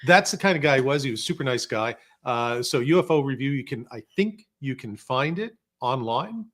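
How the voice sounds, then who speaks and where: Man telling lively anecdotes. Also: mid-range voice, a little fast. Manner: animated anecdotes, puts on voices for quotes. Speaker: podcast guest, former researcher and filmmaker. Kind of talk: casual storytelling chat. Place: podcast studio.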